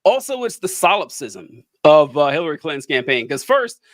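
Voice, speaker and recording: A man's voice: fairly high pitch, sing-song, moderate pace, no room sound. A man co-hosting a podcast, talking politics casually, rambling with fillers and sarcastic asides. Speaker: podcast co-host.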